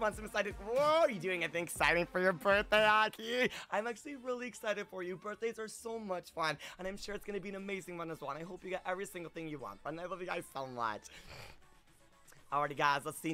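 A man's voice: high voice, fast talker, bright, forceful tone, soft background music. A young man live-streaming a game, bubbly and effusive, greeting viewers in a sing-song way.

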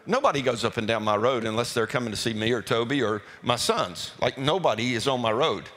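Folksy pastor telling a story in a hall. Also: male voice, medium pitch, a little fast. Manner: folksy, animated storyteller who stumbles and repeats words. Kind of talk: storytelling testimony to a congregation. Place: church sanctuary. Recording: reverberant hall with faint music.

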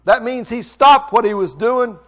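A male pastor preaching a sermon, swinging from quiet, intimate lines to loud, fervent ones. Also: very high-pitched, a little slow. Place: church sanctuary.

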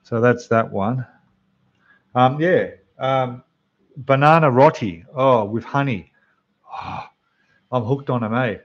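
A man with an Australian accent hosting a casual model-building livestream, chatting away to viewers in a slightly rough voice. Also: medium pitch, slow pace, pauses often, muffled recording. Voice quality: rough, losing its depth. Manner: chatty, rambling, talks to the chat while building. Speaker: scale model livestream host. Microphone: desk microphone, quieter when turned away.

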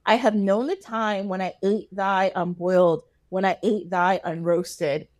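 A woman voicing a young maid disguised as a veiled bride, reciting archaic lines in a slow, solemn murmur while retelling a fairy tale. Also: medium pitch, steady tone, darkish tone, no room sound, clean studio sound, voice pushed down, lightly acted.

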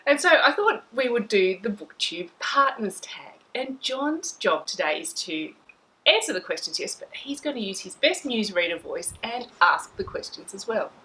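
Lively woman on a veranda. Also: medium pitch, moderate pace, a little hiss or hum, rough recording. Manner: lively, teasing. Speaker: host. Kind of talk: casual chat. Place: outdoor veranda.

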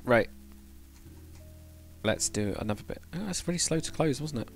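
A man's voice: medium pitch, lively intonation, normal speed, soft background music. A man casually chatting on a game livestream, thinking aloud while building and answering chat. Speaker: game streamer.

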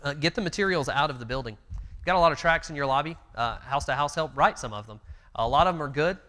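A man's voice: a little high, quick pace, sharp tone. Earnest man teaching in a reverberant church. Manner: earnest, conversational storytelling with fillers. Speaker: Bible class teacher. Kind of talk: church class lesson. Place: church meeting room. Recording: long church hall reverb.

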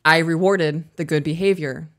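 Low-voiced woman podcast co-host. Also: normal speed. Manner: candid, animated storytelling, swears freely. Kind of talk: casual podcast chat.

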